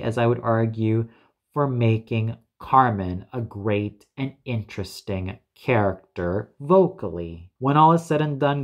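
A man giving a scripted opera review in a measured, opinionated way, carefully listing singers and roles. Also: mid-range voice.

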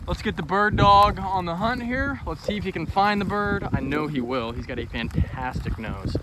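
A man's voice: high voice, lively intonation, normal speed. A man hosting his hunting channel, chatting casually and easily with plenty of fillers while out in a field by water, recorded on a handheld camera. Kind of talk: casual outdoor vlog talk. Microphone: handheld camera mic. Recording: outdoor recording, clear background noise.

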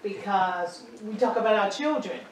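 A woman's voice: medium pitch, lively intonation, normal speed, slight background noise. A woman speaking emphatically and affirmingly at a church Bible study. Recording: echoey room from far off.

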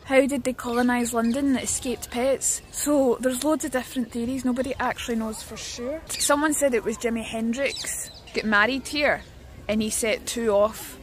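A young Scottish woman streaming from a city park on a handheld phone, chatting excitedly to the birds and her viewers. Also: fairly high pitch, normal speed. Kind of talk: casual outdoor stream chat. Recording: outdoor phone stream with noise.

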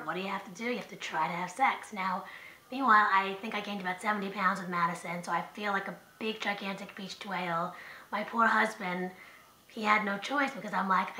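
A woman in her thirties telling her own story in an animated, rambling way, often restarting her sentences. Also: a little high. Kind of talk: personal storytelling to camera. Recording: echoey room.

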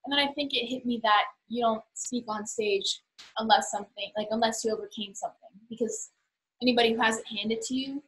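A woman's voice: a little high, steady tone, brisk, fairly bright tone, low-quality recording. A teenage girl chatting casually on a podcast, hesitant, with many fillers. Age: teens. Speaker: guest's daughter. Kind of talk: casual chat.

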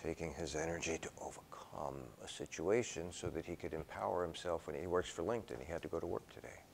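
An older male professor lecturing his class in a somewhat low voice. He talks casually, drifting into anecdotes and playing out both sides of remembered conversations. The delivery feels like a live classroom. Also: steady tone, fast, gravelly, slight background noise. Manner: conversational, rambling into personal stories; acts out dialogue in quoted voices. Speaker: philosophy professor.

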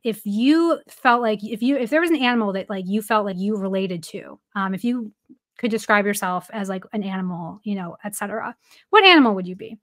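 A woman's voice: mid-range voice, animated, brisk, fairly bright tone. A woman who is a baseball reporter, guesting on a podcast and telling a story casually with plenty of "like" fillers and some laughter.

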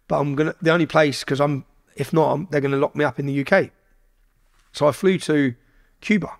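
Gravelly and on the high side, this Englishman's voice carries a casual podcast story packed with swearing. He retells it animatedly, quoting dialogue along the way.

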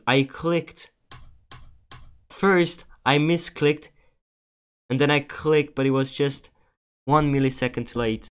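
A man's voice: mid-range voice, fairly bright tone. Agitated young man, swearing gameplay commentary. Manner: agitated, swearing, pleading repetitively. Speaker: gaming streamer. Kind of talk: casual commentary over gameplay.

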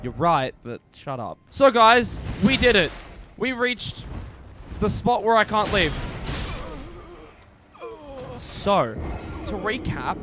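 Excitable, swearing man streaming. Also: fairly high pitch, slight background noise. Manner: profane, excitable, swears at the game. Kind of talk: live gameplay commentary.

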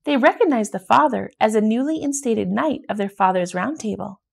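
A woman reading a children's picture book aloud in a steady, gentle storytelling manner. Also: on the high side, a little fast, vocal fry, breathy edge. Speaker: storybook reader.

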